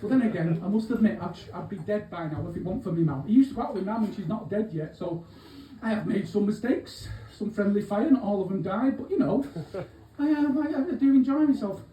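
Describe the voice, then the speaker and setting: At a pub gig, a man performs a live stand-up monologue as a cheeky, aging small-time thief from Manchester, rambling with swearing and asides in a mellow voice. He sounds high, expressive and a little fast, heard far from the mic in an echoey room with faint hubbub behind.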